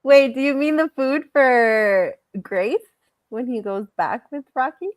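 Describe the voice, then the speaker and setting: Woman, podcast co-host, casual movie chat, laughs a lot, animated retelling, slightly high voice, dry close sound. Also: measured pace, no room sound. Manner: animated, laughs often, acts out quotes.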